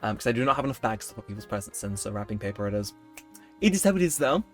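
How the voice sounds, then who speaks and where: A young man chatting casually while he plays a video game, rambling, self-mocking and quick to laugh. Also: fairly low pitch, very animated, soft background music. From United Kingdom. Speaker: let's play host. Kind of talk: casual gameplay commentary.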